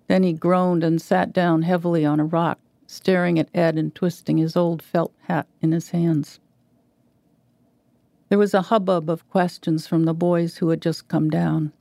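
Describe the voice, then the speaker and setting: A woman reads a short story aloud in a measured, even delivery. Her voice is gravelly and mellow, recorded close and dry. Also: lowish voice, no echo. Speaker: reader. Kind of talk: reading literary fiction aloud.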